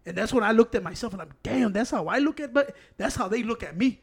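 A man's voice: high voice, quick pace, breathy edge. A young man chatting casually as a co-host, rambling and swearing, sliding between Spanish and English. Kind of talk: casual chat.

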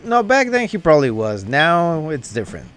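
A man co-hosting a podcast in casual chat, laid-back, now and then shouting out bits of prank calls. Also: a little high, wildly swooping pitch, normal speed. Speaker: podcast co-host.

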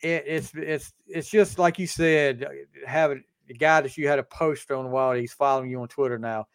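A man's voice: mid-range voice, moderate pace, smooth, dry recording, clean studio sound. A man hosting a sports podcast, chatting casually and animatedly as he tells stories and acts out quoted dialogue. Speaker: podcast host.

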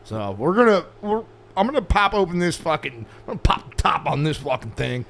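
Male podcast co-host, gravelly, animated pitch, foul-mouthed joker. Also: fairly quick. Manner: crude, joking, swears a lot. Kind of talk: casual chat.

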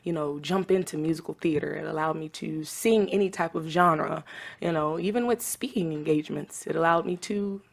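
A young woman talks about her mentoring work in a relaxed interview. Her voice sits a little low, and she speaks with open passion and emotion, filling her sentences with "um" and "you know.". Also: moderate pace, vocal fry. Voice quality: trained singing voice. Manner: passionate, emotional, chatty with many fillers. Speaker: guest, founder of a mentoring organization for teen girls. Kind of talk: casual interview chat.

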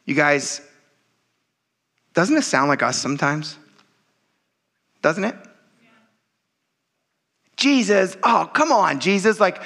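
A pastor preaching a sermon in a conversational, joking and emphatic way, often checking in with the congregation. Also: male voice, high-pitched, very animated, takes it slowly, gravelly, long pauses, sharp tone.

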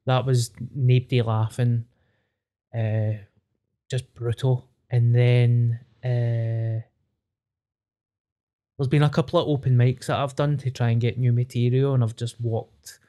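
A man's voice: mid-range voice, measured pace, pauses often. A Scottish man, a guest comedian, telling a swear-laden story about a bad gig in casual chat. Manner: animated anecdote teller, swears freely.

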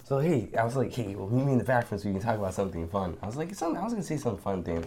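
A young man co-hosting a casual podcast, telling stories in an animated way, acting out quotes and laughing often. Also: fairly low pitch, rapid-fire. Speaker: podcast co-host. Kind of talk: casual chat.

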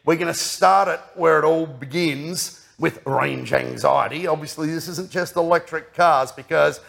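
A man's voice: a little high, unhurried, gravelly, fairly bright tone. A middle-aged man hosting a casual, jokey show, rambling and laughing often. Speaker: podcast host. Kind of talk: casual banter.

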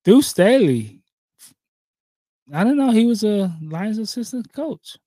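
A man's voice: high-pitched, big pitch swings, takes it slowly, mellow, no echo. A man hosting a sports podcast in casual chat, laid-back and ribbing his co-host.

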